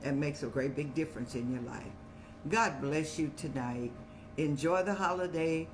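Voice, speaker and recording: An older woman hosting a show, giving motherly, preachy advice in a folksy way and telling stories with lively rises in pitch. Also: moderate pace, over music. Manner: folksy, preachy, calls listeners child; animated storytelling with rising pitch. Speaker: host answering viewer questions.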